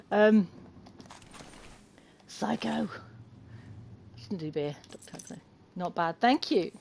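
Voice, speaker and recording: British woman, game streamer, chatty and excitable, laughs a lot, mid pitch. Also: slow, vocal fry, pauses often, a little hiss or hum. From United Kingdom. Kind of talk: casual gameplay commentary. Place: home, with a cat climbing on her.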